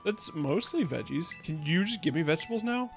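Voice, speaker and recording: A man's voice: fairly high pitch, animated, brisk, faint music behind. A man giving casual gameplay commentary on his stream, rambling and playful, often restarting his sentences. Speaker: VTuber streamer.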